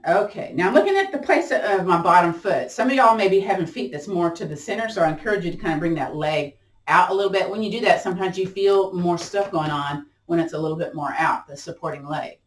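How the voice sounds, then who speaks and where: A woman instructor leading a gentle chair yoga class, chatty and playful, often laughing and encouraging. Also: lowish voice, quick pace, far from the mic. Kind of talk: guided exercise class. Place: room at home. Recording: roomy sound from off-mic.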